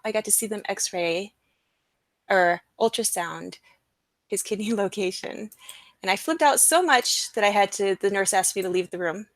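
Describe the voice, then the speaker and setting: A young woman in the middle of her vocal range talks excitedly on her own live stream, circling back with fillers and side remarks. The sound is close and dry, like a computer mic in a small room. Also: medium pitch, no room sound. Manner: excited, rambling, with fillers and disclaimers. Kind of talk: casual live-stream talk. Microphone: computer mic, screen sharing.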